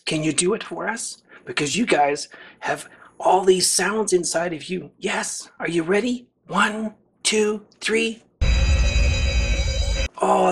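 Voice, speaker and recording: A woman reading a picture book aloud to young children, gasping with excitement and talking straight to her listeners. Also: mid-range voice, husky. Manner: excited gasps, talks directly to the children. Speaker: children's storyteller.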